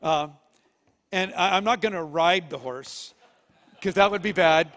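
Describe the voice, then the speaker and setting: A man's voice: sits high, a little slow, fairly bright tone. A man preaching a sermon, retelling a story animatedly and with jokes. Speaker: pastor. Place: church auditorium. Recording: long reverb of a church hall.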